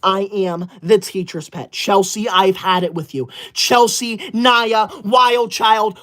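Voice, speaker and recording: A woman's voice: medium pitch, takes it slowly, hardly any pauses, fairly bright tone. A woman livestreamer chatting with viewers, scolding them in a mock-indignant, theatrical huff.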